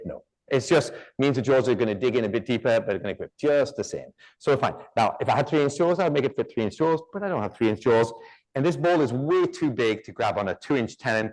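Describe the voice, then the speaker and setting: A man's voice: mid-range voice, a little mellow. A man giving a live woodturning demonstration, chatty and joking, with rambling asides.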